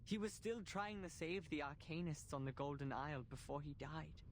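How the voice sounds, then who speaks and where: A pompous, declamatory game character, played by a man giving a showy eulogy. His voice sits a bit high for a man, theatrical and grand, with a faint rumble underneath. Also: steady tone, normal speed, natural voice. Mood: grandiose. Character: grandiose male mourner giving a florid eulogy. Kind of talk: game voice acting.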